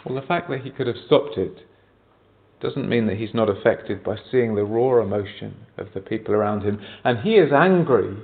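A man's voice: fairly low pitch, expressive, normal speed, gravelly. A man preaching a sermon, earnest, often turning to the congregation with rhetorical questions. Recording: tinny phone-like sound.

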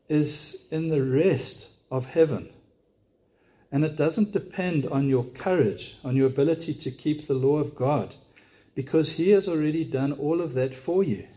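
A man's voice: a little high, dark tone, breathy edge. A man preaching a sermon in church, speaking earnestly and directly to his congregation, with frequent rhetorical questions.

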